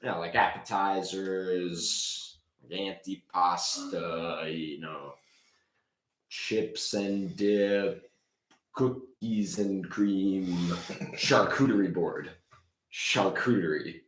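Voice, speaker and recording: A man's voice: sits low, fairly even intonation, very slow, echoey room, rough recording. A man voicing Rockin' Ricky, a brash male rock keyboardist showman, boastful and hyped, in improv comedy. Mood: chatty. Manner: boastful, hyped, sound-effect heavy.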